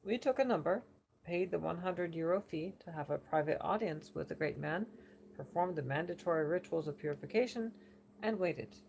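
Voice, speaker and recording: A woman reading a book passage aloud for elocution practice, steady and careful with occasional slips. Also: on the low side, moderate pace, gravelly, a little hiss or hum, low-quality recording. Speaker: reader.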